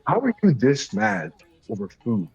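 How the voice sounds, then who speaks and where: A man's voice: on the high side, big pitch swings, normal speed, vocal fry, darkish tone, husky, dry recording, faint music behind. A man co-hosting a casual podcast, opinionated and blunt, swearing as he makes his point. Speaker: podcast co-host. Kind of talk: casual chat. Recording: dull, dry lo-fi recording.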